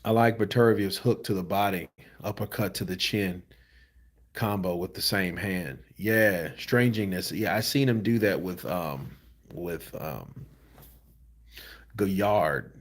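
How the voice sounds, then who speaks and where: The host of a boxing news channel sounds tired, his voice sitting low and moving at a slow pace. He reads viewer comments in a loose, laid-back, slangy manner.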